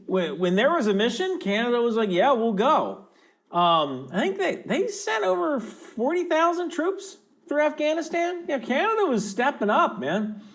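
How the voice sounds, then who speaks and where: A man giving casual commentary as a military analyst in a clip from another video, talking loosely with fillers and restarts. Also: fairly high pitch.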